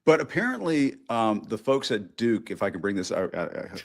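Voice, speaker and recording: A man with a fairly low voice hosts a talk show. He interviews his guest in a casual, affable manner and slips in light jokes as he goes. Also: very animated, moderate pace.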